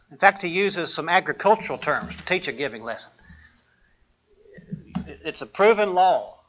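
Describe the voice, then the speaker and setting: A man's voice: on the high side, fairly bright tone, highs cut off, a little hiss or hum. A man preaching a sermon, quoting scripture and putting questions to the congregation.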